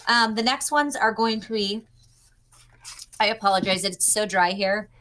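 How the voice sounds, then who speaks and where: A woman's voice: mid-range voice, measured pace, sharp tone. Upbeat young woman, guest designer on a video call, chatty teaching tone. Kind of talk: demonstrating a pattern on a livestream.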